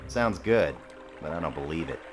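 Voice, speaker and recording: A man's voice: a bass voice, expressive, moderate pace, a little hiss or hum. An actor playing a wry, stubborn male jungle adventurer in a video game, dry and sardonic. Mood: distrustful. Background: game music.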